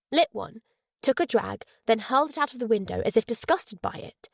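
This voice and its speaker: A woman reading a thriller audiobook in measured, even narration. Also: mid-range voice, creaky, no room sound, clean studio sound.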